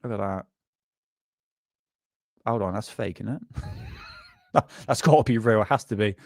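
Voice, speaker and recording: A man's voice: fairly low pitch, a little slow, a little mellow, no echo, studio quality. A man from England hosting a live show, chatting loosely with viewers and reacting to clips. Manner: rambling, laughing, talking to chat. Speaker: host of a live UFO show. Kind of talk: casual live-stream chat.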